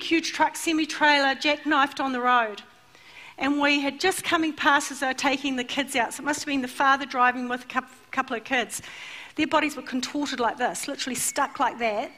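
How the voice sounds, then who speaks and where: A middle-aged woman preaching a sermon in church, telling stories animatedly and acting out the voices. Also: high-pitched. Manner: animated storytelling, acts out voices. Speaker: church speaker.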